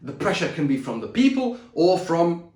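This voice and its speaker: A man's voice: fairly high pitch, sing-song, normal speed, a little mellow, roomy sound. A man teaching public speaking in a video lesson at a board. He speaks emphatically, trips over words now and then, and keeps checking in with "okay?" and "all right?". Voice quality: says he is a bit dyslexic and trips over words. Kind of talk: talking-head video lesson at a whiteboard.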